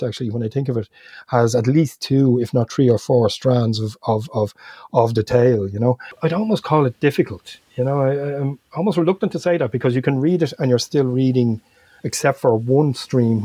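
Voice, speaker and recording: A man rambles through a relaxed podcast chat, restarting his sentences and chuckling as he goes. His voice is mellow and a little husky. The sound is dry and close. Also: medium pitch, no room sound. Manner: rambling, self-correcting, chuckles often. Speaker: podcast guest.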